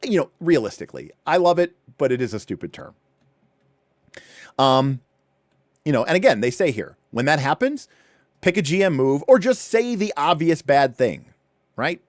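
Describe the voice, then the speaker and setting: A man with a fairly high, very animated voice that swoops up and down as he talks. He hosts a livestream, walking through game rules in a chatty, casual way and hammering points home by repeating them. The sound is close and dry. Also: moderate pace, pauses often, no echo. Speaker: livestream host. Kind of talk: casual rulebook walkthrough for a livestream.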